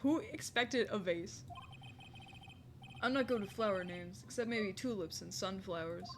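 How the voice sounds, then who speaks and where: A woman's voice: mid-range voice, unhurried, slight background noise. Giggly woman streamer at her desk. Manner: playful, giggly, reads on-screen text aloud. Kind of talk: casual gaming commentary. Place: home desk with a squeaky chair.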